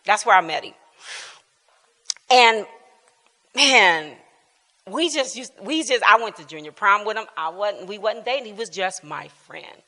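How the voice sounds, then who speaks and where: A bright, forceful woman in her fifties tells a personal testimony at a church Bible class, animated and laughing often, sometimes dropping to a hush. Her voice rings out with a long hall reverb behind it. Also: mid-range voice, measured pace, pauses often. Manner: animated storytelling, laughs often, drops to quiet tones. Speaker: church speaker sharing testimony.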